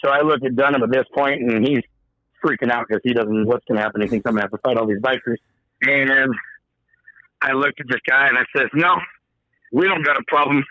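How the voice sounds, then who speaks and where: A man's voice: mid-range voice, fairly even intonation, fast, no room sound, dull audio. A man, a podcast guest, telling a story in a casual, profane way and acting out the quoted dialogue. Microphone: podcast microphone.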